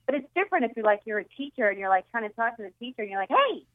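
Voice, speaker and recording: Joking high-voiced woman on phone. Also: racing, dry recording. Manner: bubbly, joking, laughs often. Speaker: phone-in guest comedian. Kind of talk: casual chat. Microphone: phone line. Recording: tinny dry phone line.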